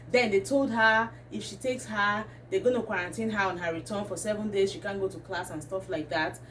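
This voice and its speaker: A woman, talking to camera as a vlogger and ranting with indignation. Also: medium pitch. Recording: distant mic, faint background noise.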